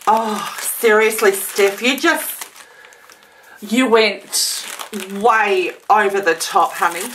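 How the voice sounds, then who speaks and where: A woman chatting casually to camera while unboxing a gift parcel, gushing and gasping with excitement. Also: mid-range voice, slight background noise. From Australia. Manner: gushing, gasping, many exclamations. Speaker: vlogger.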